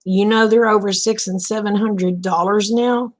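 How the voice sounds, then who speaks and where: A middle-aged woman tells a long, homespun story in a casual late-night vlog, her pitch level and even. She keeps circling back through "he said" and "I said" as the tale draws out.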